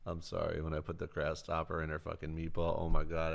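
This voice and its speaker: A man's voice: extremely low pitch, level tone, brisk, gravelly, hardly any pauses. A man on a livestream answering chat questions in a loose, rambling way, swearing freely, close to his mic. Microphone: close desk mic.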